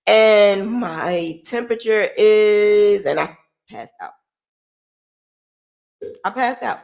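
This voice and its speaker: A woman's voice: mid-range voice, a little slow, gravelly. A middle-aged woman hosting a podcast, telling her own story in a candid, emotional way and swearing freely. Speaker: podcast host. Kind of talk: personal storytelling.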